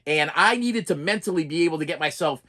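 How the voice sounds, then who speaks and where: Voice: mid-range voice, expressive, fast, sharp tone. A middle-aged preschool teacher telling a story in a casual rant, exasperated, often repeating words and restarting sentences.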